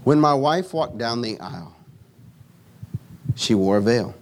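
A man preaching a sermon, moving from solemn teaching to lively storytelling. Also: mid-range voice, measured pace, a little hiss or hum. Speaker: pastor.

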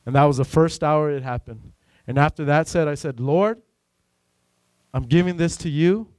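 A man giving an earnest, emotional personal faith testimony, rambling and filling pauses with "you know.". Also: fairly high pitch, darkish tone, no echo. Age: adult with a son. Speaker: church member giving a testimony.

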